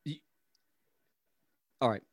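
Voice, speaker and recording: A man's voice: takes it slowly, no room sound, clean studio sound. A man hosting an interview, rambling and restarting his sentences as he sets up his question to the guest. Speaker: podcast host. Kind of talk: casual interview chat.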